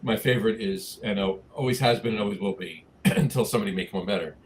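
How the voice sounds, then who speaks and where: A man's voice: lowish voice, fast talker, slight background noise. A man co-hosting a casual beer podcast, rambling with many restarts and fillers. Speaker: podcast co-host. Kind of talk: casual chat about craft beer.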